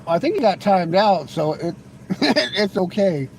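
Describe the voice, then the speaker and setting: A man's voice: sits high, expressive, a little slow, gravelly, slight background noise, rough recording. A man hosting a live stream, chatting casually with viewers in a rambling, teasing way, often stammering into restarts. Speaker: livestream host.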